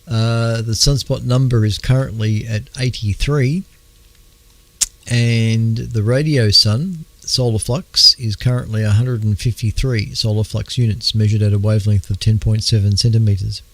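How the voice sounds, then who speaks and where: An Australian man hosting an astronomy radio show, talking in a halting, casual way with many fillers, clearing his throat as his voice wears out. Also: lowish voice, steady tone. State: losing his voice. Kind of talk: casual astronomy news talk.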